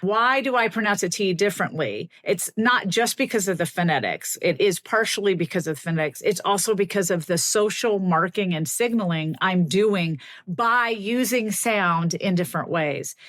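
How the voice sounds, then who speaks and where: A middle-aged woman linguist, a guest on a podcast, explaining ideas in an animated way and laughing often. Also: mid-range voice, moderate pace, few pauses.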